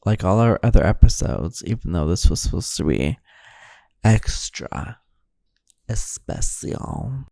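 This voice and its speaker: A man hosting a podcast, talking solo in a groggy, deadpan, rambling way in the early morning. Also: sits low, normal speed, creaky, no echo, clean studio sound. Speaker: podcast host. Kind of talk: solo intro monologue.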